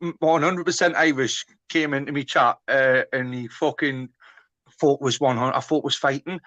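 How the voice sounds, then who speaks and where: A man's voice: mid-range voice, steady tone, moderate pace, fairly bright tone, no echo, muffled recording. A man from northeast England hosting a casual livestream chat from his kitchen, sweary and rambling with many restarts.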